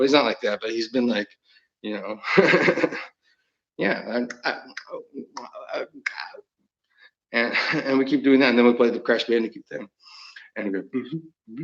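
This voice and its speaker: A man's voice: medium pitch, creaky, lo-fi sound. A man talking in a rambling monologue, chuckling often mid-sentence and trailing off into restarts.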